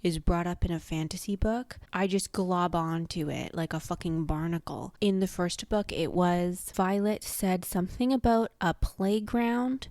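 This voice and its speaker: A woman's voice: medium pitch, normal speed, hardly any pauses, a little mellow, soft background music. A woman vlogger summarizing a book in a casual, sarcastic way, swearing freely. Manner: sarcastic, profane.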